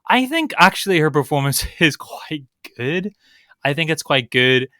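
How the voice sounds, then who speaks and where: A young man with a Northern Irish accent, co-hosting a casual film podcast and giving opinionated, animated critiques. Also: fairly high pitch, unhurried, no room sound, clean studio sound. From Northern Ireland. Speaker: podcast co-host.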